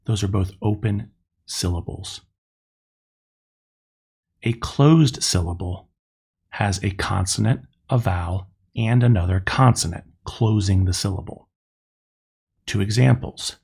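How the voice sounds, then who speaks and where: A middle-aged man teaching a recorded lesson, explaining step by step and spelling out sounds slowly. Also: on the low side, gravelly, darkish tone, breathy edge. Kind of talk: recorded classroom lecture.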